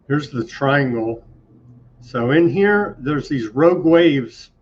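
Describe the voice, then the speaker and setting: A man's voice: medium pitch, animated, slow pace, slight background noise. A man hosting an online news show, reading items aloud and adding wry, casual comments. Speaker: show host. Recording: dull lo-fi sound.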